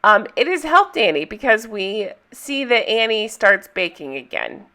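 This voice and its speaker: A woman's voice: medium pitch, big pitch swings, measured pace, pushed and bright. A woman casually recapping a film scene by scene in a chatty, enthusiastic way, laughing easily as she goes. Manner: chatty, giggly, enthusiastic retelling. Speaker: movie recap host.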